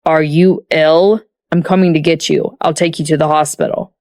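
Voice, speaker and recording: A woman voicing a cold rich husband who speaks curtly and slowly in an icy tone. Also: fairly low pitch, steady tone, a little mellow, dry recording, studio quality, close to an everyday voice. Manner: curt, slow, icy.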